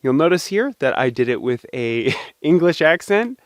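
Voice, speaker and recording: A man's voice: a little high, very animated, normal speed, no echo. Young male host, casual and playful, speaking into a dry, close mic. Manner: playful, chatty, thanks supporters by name. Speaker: video host. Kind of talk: casual talk to camera.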